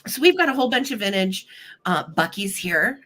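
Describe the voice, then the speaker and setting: A woman from Missouri hosts a casual live-stream sale, greeting each viewer by name. Her voice is bright and clear, and it swoops up and down with lots of lively pitch movement. She sounds a little choked up, with a slight cough. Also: fairly quick, slight background noise. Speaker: live vintage sale host.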